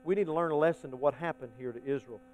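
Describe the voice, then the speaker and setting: High-voiced man preaching a folksy sermon. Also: very fast, slight background noise, poor audio. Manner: swings between hushed asides and loud emphatic preaching; folksy, addresses the congregation as y'all. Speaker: pastor.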